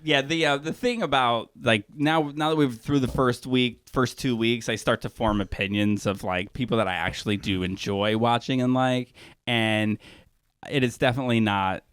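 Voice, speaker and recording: A male podcast co-host chats casually and rambles, frequently restarting his sentences. His medium-pitched voice is fairly even and bright, clear and resonant, at a moderate pace with no room sound.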